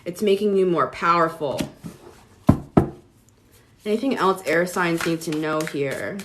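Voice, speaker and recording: A woman's voice: on the low side, measured pace, heavy background noise. A woman giving a casual livestream tarot reading, chatting with viewers and using lots of "like". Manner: chatty, talks to viewers, many "like"s.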